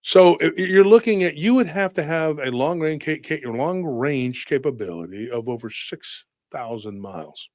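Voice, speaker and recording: A man hosting a casual podcast, talking in an excitable, rambling way and firing off rhetorical questions. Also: a little high, normal speed, hardly any pauses, dry recording, clean studio sound. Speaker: host.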